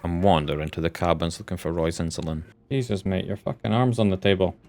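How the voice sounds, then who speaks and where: A man's voice: deep voice, quick pace, darkish tone. A Scottish man commenting on a horror game playthrough with sweary, joking reactions. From Scotland. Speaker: gaming YouTuber.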